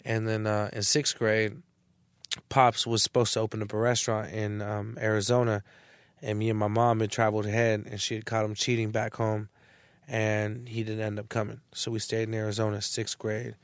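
A man's voice: fairly low pitch, moderate pace, clear, resonant tone, no room sound, clean studio sound. A man from the San Francisco Bay Area, a guest rapper and entrepreneur, telling his life story in a casual, rambling interview. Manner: relaxed, rambling, with fillers.

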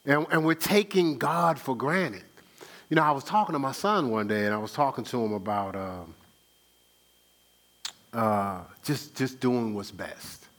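A man preaching a sermon in a folksy, conversational way, voice swinging high for emphasis and low for asides, with chuckles and repeated words. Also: animated, measured pace, fairly bright tone. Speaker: pastor.

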